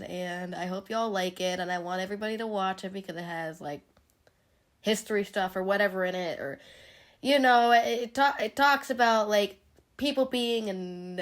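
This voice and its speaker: A young woman vlogger chats casually while showing off her Christmas gifts, rambling and giggling in a mid-range voice at a moderate pace. Her voice is partly gone from being sick, and she films on a handheld phone without a tripod.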